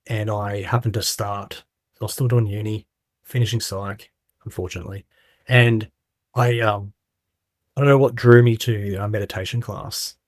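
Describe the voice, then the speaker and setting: A middle-aged Australian man, appearing as a guest in a casual interview, candidly tells his story and acts out the voices he quotes. His voice is fairly low and steady at a moderate pace, with studio-quality sound and no room echo.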